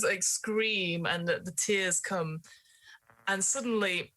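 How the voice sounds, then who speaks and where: A woman's voice: medium pitch, unhurried, sharp tone. A woman running a tabletop horror game as game master, describing scenes with frequent fillers.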